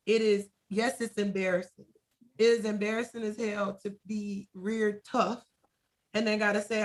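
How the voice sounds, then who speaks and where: A woman hosting a talk show, speaking in an encouraging, emphatic way. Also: mid-range voice.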